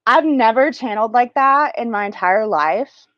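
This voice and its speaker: A woman's voice: fairly high pitch, animated, dry recording, muffled recording. A woman hosting a spiritual livestream, chatting casually and crassly, rambling and losing her train of thought. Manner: slow, drawn-out teaching delivery.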